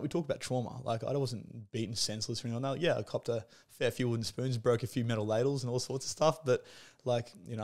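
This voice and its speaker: A man's voice: medium pitch, darkish tone. A man in his thirties, speaking as a podcast guest in candid, conversational storytelling; he talks frankly, swears freely and leans on "like" and "you know". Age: 30s.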